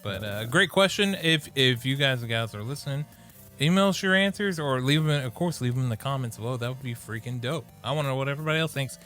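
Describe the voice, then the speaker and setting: A man's voice: medium pitch, fast, fairly bright tone, soft background music. A man co-hosting an anime podcast, talking casually in a loose, rambling way. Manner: rambling, hesitant with fillers. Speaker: podcast co-host. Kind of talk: casual chat.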